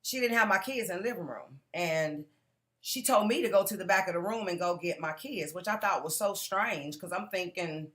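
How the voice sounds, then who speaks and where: Woman, lowish voice, earnest testimony that speaks straight to the crowd. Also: moderate pace, a bit bright. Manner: earnest, direct, keeps calling out to the audience. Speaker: conference speaker giving a testimony. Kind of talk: personal testimony to a live audience.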